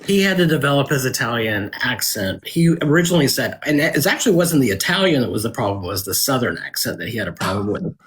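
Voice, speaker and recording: A man being interviewed as an author, talking in a relaxed, reflective way with many restarts and fillers. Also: medium pitch, fast, a little hiss or hum. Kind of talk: casual live interview chat.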